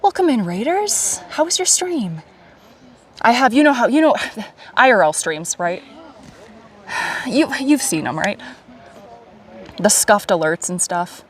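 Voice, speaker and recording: A woman livestreaming as she walks a lakeside trail outdoors, chatting to her viewers in a lively, animated way. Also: a little high, unhurried, pauses often, recorded from a distance. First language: Polish. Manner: chatty, animated, talking to chat while hiking. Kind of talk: casual live stream chat.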